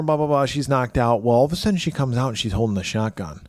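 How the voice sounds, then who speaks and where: A man's voice: medium pitch, expressive, racing, a little mellow, dry recording, studio quality. Profane man recapping a horror film. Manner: profane, rambling retelling with restarts. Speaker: podcast co-host. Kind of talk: casual film recap chat.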